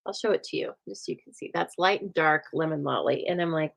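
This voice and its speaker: Woman, craft host, casual storytelling, chatty and animated, slightly low voice. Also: quick pace, creaky, poor audio. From United States.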